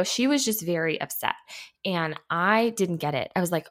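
A woman's voice: lowish voice, expressive, normal speed, fairly bright tone. A young adult woman, a behavior analyst hosting a podcast, tells a candid story in a chatty, self-deprecating way and laughs as she talks.

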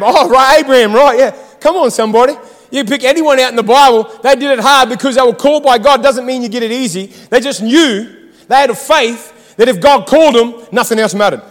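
Male pastor, very high voice, fervent call-and-response preaching with long reverb behind it. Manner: fired-up, exhortative, calls to the congregation. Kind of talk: sermon. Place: church.

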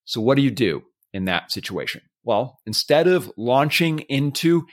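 A man's voice: mid-range voice, big pitch swings, normal speed. A man hosting a solo advice podcast, walking listeners through steps in a coaching tone with spoken examples. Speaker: podcast host.

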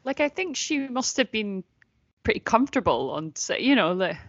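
A woman's voice: fairly high pitch, big pitch swings, normal speed, dry recording. A woman, a regular podcast guest, chatting casually with enthusiastic giggles. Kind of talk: casual chat watching along. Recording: dry dull lo-fi sound.

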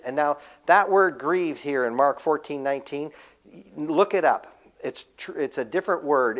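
Man preaching a sermon, higher-pitched. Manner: expository, asks the congregation questions then answers; swings from emphatic to quiet and low.

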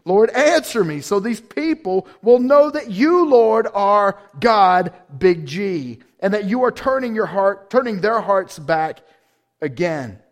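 A man's voice: sits high, expressive, slow pace, exaggerated voice. A man voicing a bold old male prophet who taunts his rivals and prays earnestly. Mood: pleading. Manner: taunting, then earnest in prayer.

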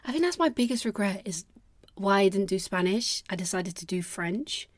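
A woman's voice: medium pitch, lively intonation, moderate pace, no room sound. Young woman, podcast host, casual rambling monologue, self-deprecating and sweary, dead-dry close mic.

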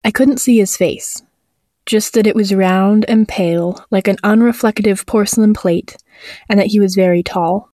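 A woman tells a first-person horror story at a medium pitch, measured and tense. Her voice is close and dry, with no room sound around it. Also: mellow, dry recording. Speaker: narrator.

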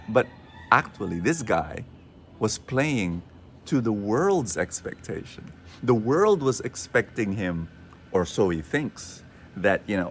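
A man with a Filipino accent hosting an inspirational radio show, telling stories in a lively, preaching way and quoting people in changing voices. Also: on the low side, slow, slight background noise. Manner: animated storyteller, quotes others in shifting voices. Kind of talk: inspirational sermon talk.

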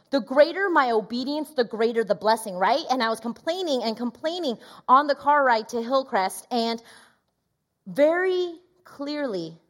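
Animated woman telling a sermon story. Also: fairly high pitch. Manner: animated storytelling, acts out quoted voices. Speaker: pastor. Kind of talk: sermon testimony.

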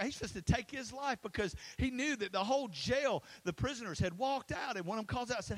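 A man preaching an energetic sermon, telling stories and chatting with the crowd, swinging from loud and animated to hushed and intimate. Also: very high-pitched, quick pace, few pauses, poor audio. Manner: storytelling, conversational asides to the crowd. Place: school facility used for a church launch.

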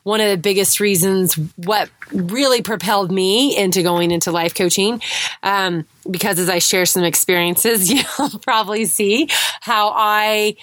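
A woman's voice: medium pitch, a bit bright, no echo. A middle-aged woman hosting her own podcast as a life coach, talking earnestly and reflectively, often restarting and adding "right?" asides. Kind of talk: casual solo podcast monologue.

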